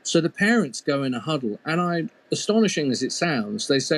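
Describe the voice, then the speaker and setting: A male storyteller with a fairly high voice tells an old fairy tale conversationally, his pitch swinging widely. He speaks a little fast with few pauses and tosses playful asides to the listener.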